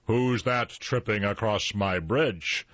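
An older man as a gruff greedy troll. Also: fairly low pitch, slow pace, a bit bright, no room sound, lo-fi sound. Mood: demanding. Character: big ugly greedy troll under a bridge.

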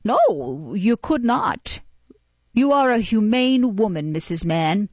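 A woman's voice: mid-range voice, big pitch swings, unhurried, no room sound, highs cut off. A woman doing a pompous old-fashioned beadle. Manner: pompous, oratorical, lordly. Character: pompous self-important middle-aged male parish beadle. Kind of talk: audiobook character reading.

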